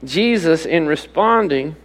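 A man's voice: fairly high pitch, expressive, slow, low-quality recording. A man preaching a sermon, emphatic and direct, asking the congregation rhetorical questions. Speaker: pastor.

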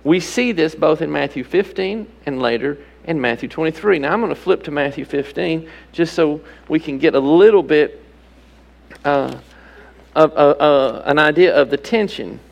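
A man's voice: fairly high pitch, expressive, normal speed, vocal fry, low-quality recording. A man preaching a sermon, emphatic and direct, asking the congregation rhetorical questions. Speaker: pastor.

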